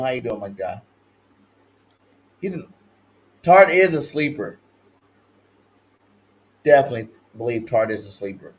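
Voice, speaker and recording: A man from California hosting a livestream sports talk show, slangy and hyped, swinging between loud shouted chants and low mumbled asides. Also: expressive, unhurried, long pauses, poor audio. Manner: slangy, repeats catchphrases.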